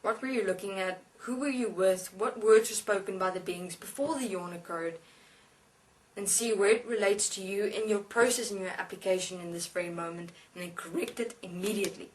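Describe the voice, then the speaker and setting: A woman lectures in a slow, deliberate way, pausing and restarting as she instructs. Her pitch sits in a middle range. The mic is some distance from her, which gives the voice a distant sound. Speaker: speaker channeling a spirit being. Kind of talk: spiritual lecture.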